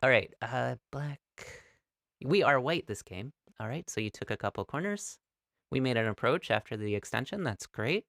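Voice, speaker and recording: A man giving a relaxed, encouraging online go lesson, with a playful streak. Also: medium pitch, normal speed, gravelly, dry recording, studio quality. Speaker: go teacher.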